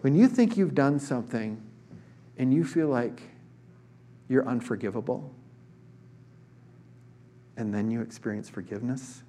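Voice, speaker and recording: A man's voice: mid-range voice, expressive, unhurried, pauses often, dark tone, a little hiss or hum. A man preaching a sermon, telling a personal story in a conversational way with many fillers and restarts. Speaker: pastor.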